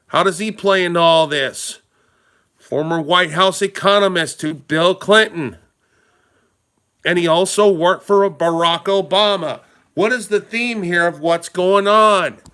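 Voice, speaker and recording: A man's voice: sits high, bright, forceful tone, smooth. Emphatic man ranting to his viewers. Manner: emphatic, rambling, asks the audience rhetorical questions; addresses viewers directly and informally. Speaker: political commentary vlogger. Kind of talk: casual talking-head commentary.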